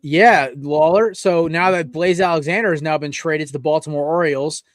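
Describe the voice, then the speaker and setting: A man co-hosting a sports podcast, talking in animated, blunt banter and swearing freely. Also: a little high, moderate pace, dry recording, studio quality. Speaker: podcast co-host.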